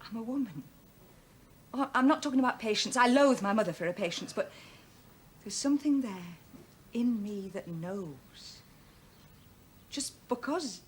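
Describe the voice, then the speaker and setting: An actress playing a devoted female lab technician who speaks in an earnest, hushed, urgent way. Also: fairly high pitch, lively intonation, measured pace, long pauses, a little hiss or hum. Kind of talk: 1980s television drama.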